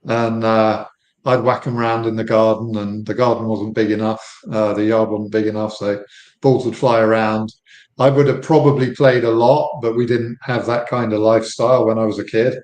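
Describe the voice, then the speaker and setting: A man in his fifties from the United Kingdom with an English accent, a relaxed guest on a podcast interview over a video call. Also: fairly low pitch, moderate pace, reverberant, poor audio. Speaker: guest, company founder. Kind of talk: casual interview chat.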